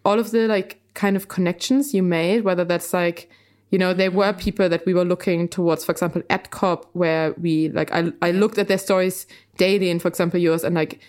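A woman's voice: on the low side, fairly even intonation, fairly quick, a little mellow. A woman co-hosting a podcast, rambling in casual conversation with many fillers. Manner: rambling, heavy use of fillers. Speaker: podcast co-host.

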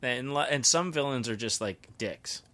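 A man's voice: medium pitch, animated, normal speed, bright, forceful tone. A man co-hosting a podcast in casual chat, blunt and swearing freely. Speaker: podcast co-host.

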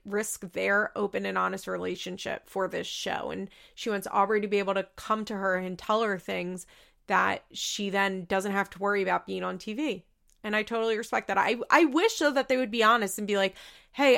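A young woman hosting a podcast, recapping a reality show in rambling casual chat, emotional and quick to laugh. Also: mid-range voice, gravelly, fairly bright tone. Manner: chatty, rambling, full of "like" and self-corrections.

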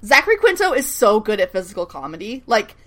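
Bright, animated woman chatting. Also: mid-range voice, quick pace. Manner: animated, laughing, acts out characters' lines. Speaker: podcast co-host recapping a TV show. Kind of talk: casual chat.

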